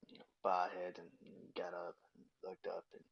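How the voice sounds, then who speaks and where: A man hosting a podcast, talking through grief in a halting, tearful way that often sinks into a breathy near-whisper. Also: sits low, completely flat delivery, dry recording, muffled recording. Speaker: podcast host. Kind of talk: personal monologue on grief.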